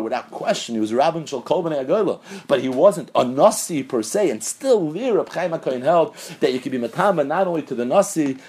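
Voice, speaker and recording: A man giving an animated Talmudic lecture as a Torah teacher, posing questions and answering them himself. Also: on the high side, a little hiss or hum. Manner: animated, rapid, asks and answers his own questions.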